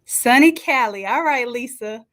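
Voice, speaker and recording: A woman hosting a live stream from a home setup, chatting and greeting each viewer warmly by name. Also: on the high side, expressive, a little slow. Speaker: livestream host and design coach. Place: home setup with makeshift camera stand. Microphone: camera on a stand.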